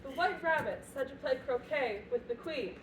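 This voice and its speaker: A woman's voice: sits high, lively intonation, normal speed. A girl in a school stage play playing Alice, a prim young girl who corrects people, recorded from far off in an echoey room with background noise. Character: polite but indignant young girl Alice.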